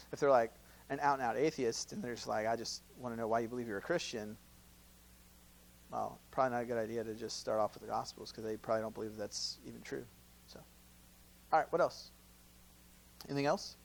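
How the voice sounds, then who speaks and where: Gravelly-voiced man teaching a church class. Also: mid-range voice, fairly quick, pauses often, slight background noise, low-quality recording. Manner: conversational, laughs often, acts out both sides of dialogues. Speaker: campus minister. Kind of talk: teaching Q&A session. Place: church hall.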